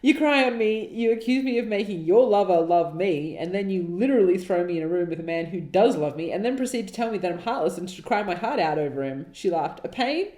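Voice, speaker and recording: A woman's voice: on the low side, animated, brisk, hardly any pauses, warm tone. A woman co-hosting a podcast, reading her old writing aloud with exasperated, laughing, sarcastic asides. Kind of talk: dramatic reading with mocking commentary. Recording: roomy echo.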